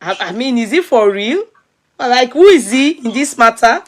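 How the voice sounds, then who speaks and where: Chatty Nigerian woman, mid-high voice. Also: expressive, moderate pace. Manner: chatty, mixes in Yoruba, frequent laughter. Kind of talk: casual commentary chat.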